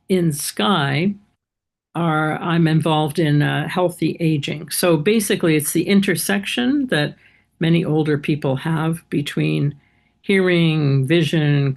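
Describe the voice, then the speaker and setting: Gravelly woman on a video call. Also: low-pitched, a little mellow. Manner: direct, wry about the poor audio. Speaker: committee member, audiologist. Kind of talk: introduction at a committee meeting.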